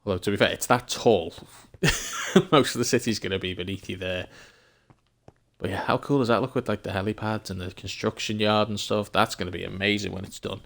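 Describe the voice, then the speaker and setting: A man's voice: on the low side, steady tone, fairly quick, gravelly, fairly bright tone. An English man from England chatting casually while streaming a game, rambling and thinking aloud with frequent chuckles.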